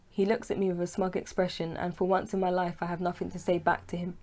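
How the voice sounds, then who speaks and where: A woman reads her own novel aloud in an audiobook. She tells it in the first person at an easy, unhurried pace. Her voice sits low and sounds dark and mellow. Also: flat delivery. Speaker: author and narrator. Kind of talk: audiobook reading.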